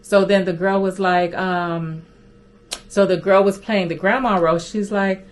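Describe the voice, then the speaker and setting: A woman's voice: mid-range voice, unhurried. A woman from Haiti who works as a recruiter, casually telling viewers a story with an amused, chatty manner and frequent asides. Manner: animated, amused storytelling with many "right, y'all?" asides. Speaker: remote-work recruiter and vlogger.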